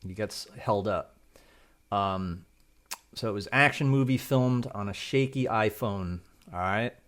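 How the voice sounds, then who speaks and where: A man's voice: fairly low pitch, measured pace, fairly bright tone. A man, a video creator, casually walks through how he wrote his prompts, rambling and checking in often. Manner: loose and rambling, tags lines with "right?". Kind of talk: casual tutorial talk.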